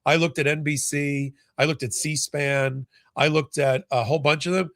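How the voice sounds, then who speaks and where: A legal commentary host runs a casual live-stream about a court case, chatting, reading viewer comments aloud, and restarting his sentences often. His voice is a little high, steady, and a bit bright at a moderate pace, with clean studio-quality sound and no room noise.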